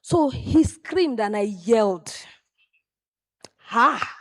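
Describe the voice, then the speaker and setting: Animated Nigerian woman telling stories. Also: medium pitch, a little slow, no room sound, studio quality. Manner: animated storyteller, exclamations and asides to the audience. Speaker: tribute speaker at a memorial event. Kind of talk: personal tribute speech, storytelling.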